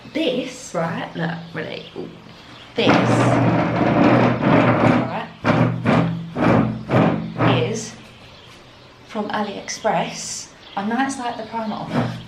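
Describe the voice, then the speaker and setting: A young London vlogger chats casually to camera outdoors in the evening, packing her talk with "like." Her fairly low voice sounds reverberant over background noise.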